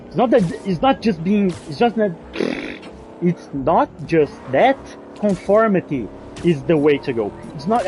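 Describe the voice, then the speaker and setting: A gaming channel host with a voice that sits high gives rambling, excitable gameplay commentary, frequently restarting his sentences.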